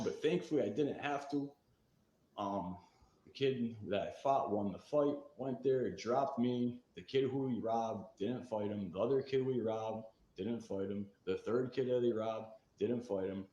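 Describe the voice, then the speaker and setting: A man telling a candid story about his past addiction and recovery, getting fired up and swearing as he acts out what was shouted. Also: lowish voice, normal speed, roomy sound, a little hiss or hum, poor audio.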